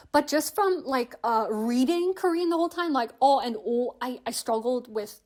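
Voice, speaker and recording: A woman's voice: high voice, expressive, normal speed, few pauses. A young woman hosting a language-learning video, explaining tips in a chatty, friendly way with frequent "like" fillers. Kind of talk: casual explanatory vlog.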